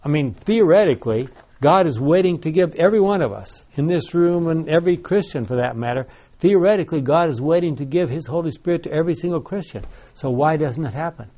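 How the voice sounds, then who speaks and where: A man's voice: a little high, expressive, a little fast, few pauses, warm tone. A man leading a Bible study discussion, asking the group questions and telling stories with many restarts.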